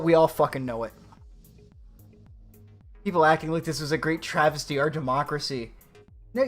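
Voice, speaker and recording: A fairly high-voiced man hosting a live stream, sarcastic and exasperated, with plenty of swearing. Faint music runs quietly behind him. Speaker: livestream host. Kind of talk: profane political rant on a live stream.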